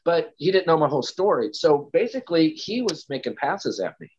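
A man's voice: fairly high pitch, very animated, brisk, a little mellow, lo-fi sound, a little hiss or hum. A man telling a candid personal story as an interview guest, rambling with lots of "you know" and "like".

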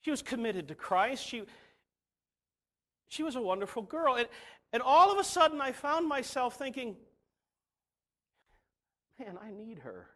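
A middle-aged man preaches in a voice that sits high and leaps all over the place. He drops to soft, almost confiding asides, then rises to emphatic, ringing declarations. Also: lively intonation, moderate pace, long pauses. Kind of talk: sermon.

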